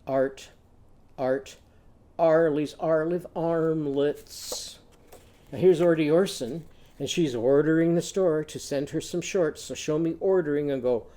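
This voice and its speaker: Slow, mellow sing-song teacher. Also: medium pitch. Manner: slow, sing-song chanting with drawn-out vowels. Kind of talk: literacy lesson for young children, call-and-response chanting.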